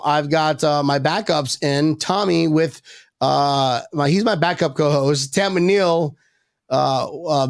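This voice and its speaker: Male podcast host, raspy, higher-pitched, excitable and loud, dry mic. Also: no echo. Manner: loud, excitable, joking, stammers when worked up. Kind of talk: rowdy casual podcast banter.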